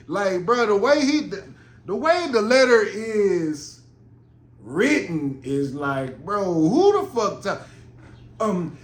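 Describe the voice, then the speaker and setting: Male podcast host, casual rambling monologue, profane, fairly high voice, roomy sound, faint noise. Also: sing-song, slow pace.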